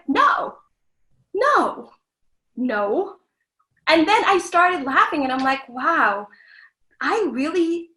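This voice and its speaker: A woman's voice: high voice, fairly bright tone, echoey room, rough recording. A woman actress speaking as a guest, giving frank, earnest self-help advice in a casual, lightly profane way. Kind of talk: candid self-help talk.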